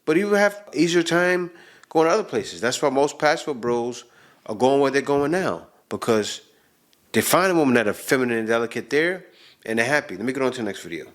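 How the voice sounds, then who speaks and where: A man's voice: mid-range voice, lively intonation, fairly quick. Host reacting to clips: man, emphatic, repeats his points. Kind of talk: casual commentary.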